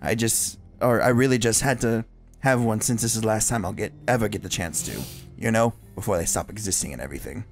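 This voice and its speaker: An eerie, self-aware teenage girl club president, as a man reads her lines aloud, speaking in a soft, low, creepy hush. The voice sits lower than usual with a gravelly edge, and faint game music plays underneath. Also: a little fast. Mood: creepily intimate. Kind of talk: reading game dialogue aloud.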